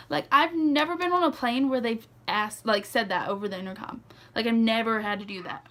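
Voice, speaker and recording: This young woman vlogs a story for her viewers, chatty and relaxed, leaning heavily on "like" and "okay." Her fairly high voice is fairly quick and fairly bright.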